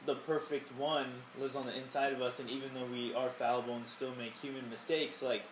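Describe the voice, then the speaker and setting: A man's voice: medium pitch, a little fast. A young man hosting a podcast, talking casually about faith with many "like" fillers. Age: young adult. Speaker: podcast host. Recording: roomy room with steady noise.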